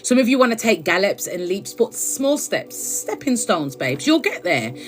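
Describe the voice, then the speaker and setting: A woman's voice: mid-range voice, big pitch swings, moderate pace, soft background music. A woman giving spiritual advice on a live stream, chatty and affectionate, checking in with "okay?" again and again. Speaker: spiritual reader.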